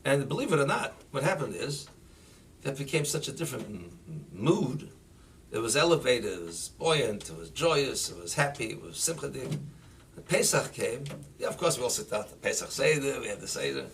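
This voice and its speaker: A man, a rabbi, giving an animated sermon full of stories, rising to near-shouting when he drives a point home, recorded from a distance. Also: mid-range voice, normal speed. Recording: voice distant from the mic, faint background noise.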